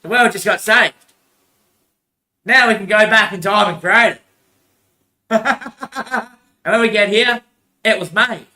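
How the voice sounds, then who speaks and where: A man's voice: high-pitched, slow, pauses often, pushed and bright, roomy sound. A man in a rambling monologue, repeating himself, swearing and laughing often.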